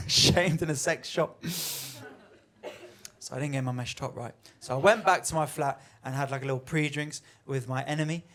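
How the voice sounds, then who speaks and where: A man's voice: a little high, steady tone, moderate pace, a bit bright. A young man performing a stand-up comedy set, telling a story and acting out the voices of the people in it. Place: comedy venue on stage.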